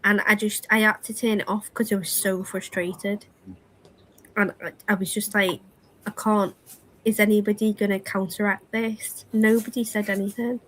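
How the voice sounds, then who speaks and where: A woman's voice: mid-range voice, level tone, moderate pace, slight background noise, rough recording. Chatty, exasperated woman co-host. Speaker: livestream co-host. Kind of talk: casual chat.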